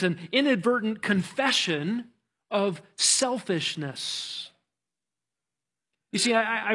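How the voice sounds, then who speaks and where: A man's voice: high-pitched, fairly bright tone. A man preaching a sermon as pastor, earnest and emphatic, often restarting his words.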